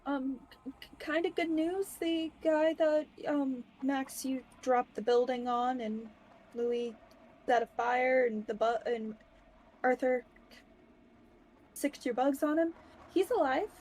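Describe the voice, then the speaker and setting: A woman's voice: sits high, steady tone, takes it slowly, pauses often, darkish tone, rough recording. A woman playing in a tabletop role-playing game, talking hesitantly with lots of fillers. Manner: hesitant, many fillers and restarts. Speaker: player.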